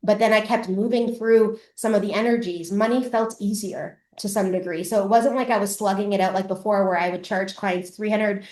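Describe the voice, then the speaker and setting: A woman's voice: mid-range voice, fairly even intonation, fairly quick, few pauses, a little mellow. A woman who coaches and hosts a podcast, giving a live motivational masterclass in an emphatic, casual way that is full of swearing. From Canada. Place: room at a live event. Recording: roomy echo.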